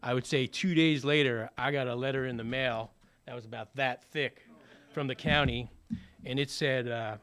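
A man's voice: mid-range voice, fairly even intonation, moderate pace, a bit bright, clean tone. A man telling his personal recovery story in a conversational way, with many fillers and acted-out bits of dialogue. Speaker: speaker sharing a recovery story.

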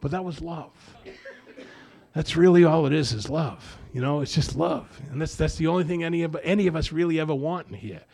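A man speaking at a recovery meeting, telling his story in a rambling, animated way with many repeated restarts. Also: on the high side, brisk, gravelly.

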